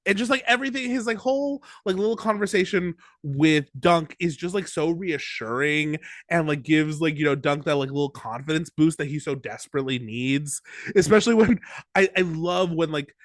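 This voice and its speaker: A man co-hosting a podcast in casual chat, rambling and excitable, with many restarts. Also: on the high side, normal speed, no room sound, studio quality. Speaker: podcast co-host.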